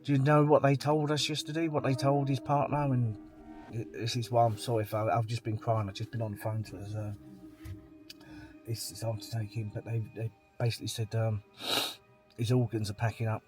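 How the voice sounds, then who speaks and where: A man talks straight to camera in a casual vlog. He is blunt and plain-spoken, rambling from one point to the next. His voice sits at an ordinary pitch, with faint music in the background. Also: flat delivery, fairly quick, a little mellow. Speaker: vlogger.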